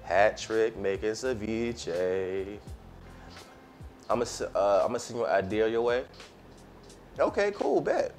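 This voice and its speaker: Cooking live for his stream, an American man chats with viewers in a laid-back, slangy way over faint background music. His fairly low voice is animated and a little mellow, but slow, with frequent pauses.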